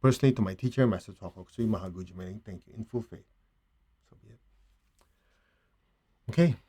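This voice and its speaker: A man with a Chinese accent guiding a meditation in a hushed, slow, calm voice with long pauses. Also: fairly low pitch, slightly rough. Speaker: meditation teacher. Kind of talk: guided meditation.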